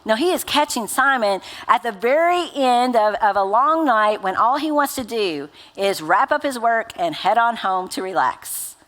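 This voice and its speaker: A woman's voice: a little high, animated, normal speed, few pauses, fairly bright tone. Conversational woman preaching a sermon. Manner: conversational, uses many fillers like "like" and "right?". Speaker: pastor.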